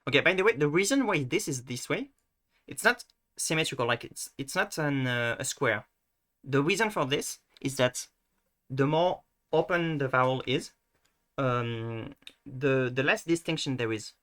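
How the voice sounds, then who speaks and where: A man's voice: mid-range voice, animated, moderate pace, bright, forceful tone. A man giving a casual screen-share lesson, hesitant and full of restarts, fillers and self-mocking asides. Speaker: video tutor.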